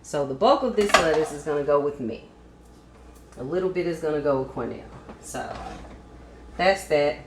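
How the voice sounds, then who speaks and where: Working at the stove, a home cook hosts a relaxed demo and talks directly to her viewers in a deep voice. The kitchen sounds echoey, frying sizzles, and there's a little hiss or hum.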